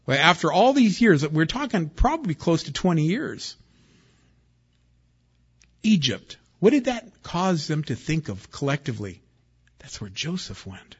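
Pastor guy giving a sermon, kinda husky, dull muffled recording, gets loud then goes quiet. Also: on the high side, big pitch swings, a little slow, pauses often. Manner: conversational, acts out quotes, swings between loud and hushed. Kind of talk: expository sermon.

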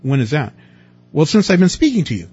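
A man's voice: a little high, big pitch swings, brisk, a little mellow, slightly rough, highs cut off, soft background music. A man preaching a sermon in a conversational way, asking his listeners rhetorical questions and stressing words. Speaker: pastor.

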